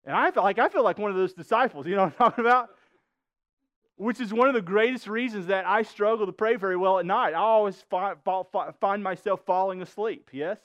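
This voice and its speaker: A man's voice: high-pitched, brisk, a bit bright, no echo, highs cut off. A man preaching a sermon as pastor, emphatic, often asking the congregation questions. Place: church.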